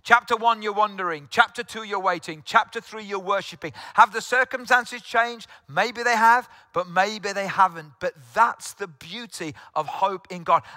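High, bright-voiced preacher, man from Wales. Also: unhurried, dry recording. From South Wales. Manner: earnest, direct address, repeats phrases for emphasis. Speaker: pastor. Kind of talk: sermon to an online congregation.

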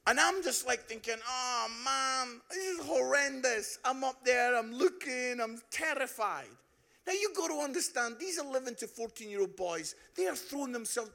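Animated Scottish preacher, high and gravelly. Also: male voice. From Scotland. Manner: animated, bursts into shouts and drops to hushed tones; frequent tag "yeah?" to the crowd. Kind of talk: storytelling sermon.

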